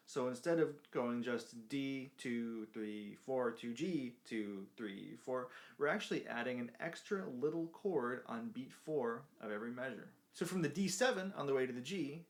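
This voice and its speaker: A man's voice: mid-range voice, gravelly. Man teaching ukulele, counting beats. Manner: explains patiently, counts beats aloud over strumming. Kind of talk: music lesson. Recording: ukulele playing behind voice.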